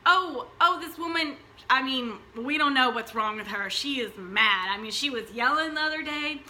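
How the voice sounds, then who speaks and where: A disapproving court official, scandalized and gossipy, as a woman mimics one. The voice is bright, sharp and fairly high. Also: lively intonation, normal speed, exaggerated voice.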